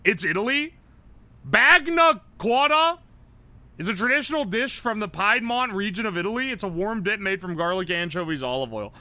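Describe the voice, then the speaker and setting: Sharp-voiced, high, lively male streamer. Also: no room sound. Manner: blunt, profane, quick reactions. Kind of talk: live-stream gameplay commentary.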